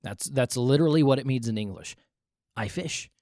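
A man in a middle pitch teaches in an earnest, conversational way, circling back to repeat each key point so it sinks in. The sound is dry, with no room echo at all. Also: expressive, normal speed, dark tone. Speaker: podcast host.

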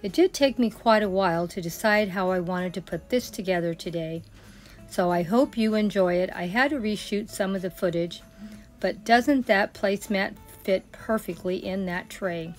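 A woman's voice: medium pitch, normal speed, faint music behind. An older woman chatting in a friendly way as a home decor vlogger. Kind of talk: casual decorating vlog.

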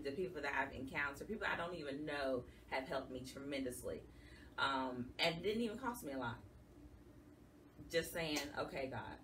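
A woman with a low, bright-edged voice shares a heartfelt personal story in a conversational way. She sounds a little distant from the mic, with a faint hiss behind her. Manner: earnest, emotional, conversational. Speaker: guest, support group founder. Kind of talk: personal testimony in an interview. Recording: somewhat distant mic with faint background noise.

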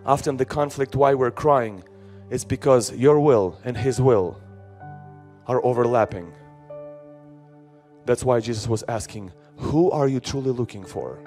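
A man's voice: medium pitch, darkish tone. A man preaching a sermon as pastor, asking rhetorical questions and answering them himself, with emphatic repetition. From Slavic.

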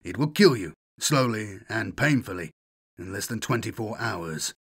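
A man voicing a cold, menacing male warrior commander who speaks with icy calm, lower and softer than his own voice. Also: moderate pace, breathy edge.

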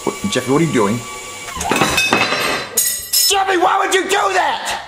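A man's voice: very high voice, huge pitch swings, measured pace, reverberant, raised voice, exaggerated voice. A man voicing a panicky, exasperated father puppet who shrieks.

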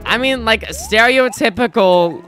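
A woman's voice: on the high side, unhurried, a bit bright, soft background music. A young woman streaming a video game, chatting casually and rambling with frequent restarts. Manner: rambling, self-interrupting, chatty. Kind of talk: casual gameplay commentary.

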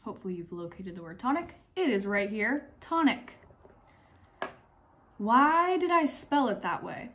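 A young woman teaching phonics to young children in a recorded lesson. Her voice sits a little high, and she talks slowly and clearly, asking questions, pausing for answers and encouraging her pupils. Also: very animated, fairly bright tone. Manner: slow, clear, encouraging teacher talk, asks questions and pauses.

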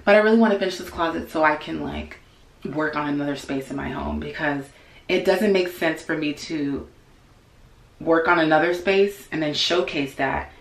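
A woman vlogging casually from her home closet, chatty and thinking out loud to herself. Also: sits low, moderate pace, gravelly, reverberant. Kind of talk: casual vlog chat.

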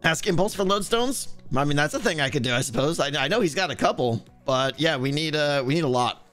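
Young male streamer, hiccuping, animated and chatty, slightly high voice, faint music bed. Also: quick pace. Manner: chatty, thanks viewers by name, interrupted by hiccups. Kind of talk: casual live-stream chat while gaming.

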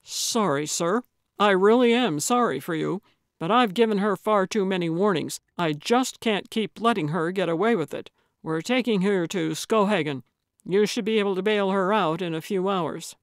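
A woman's voice: medium pitch, moderate pace, no echo, studio quality, close to an everyday voice. A woman narrator voicing a stern, weary male sheriff's deputy who speaks curtly and firmly. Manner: curt and firm.

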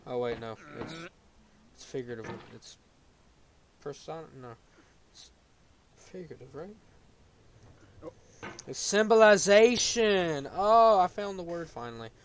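A man playing a game on a video, commenting as he goes and yelling in frustration when he falls. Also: on the high side, big pitch swings, measured pace, pauses often, slight background noise. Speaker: gaming YouTuber.

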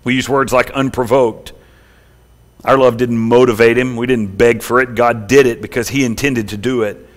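A man pastor preaching a sermon, swelling loud and high at the peaks and dropping quiet and slow in the tender parts. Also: steady tone. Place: church sanctuary.

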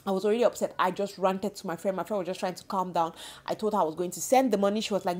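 A woman in her thirties telling a story to her viewers in a casual vlog, animated and indignant. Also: medium pitch, racing. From Cameroon. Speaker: vlogger.

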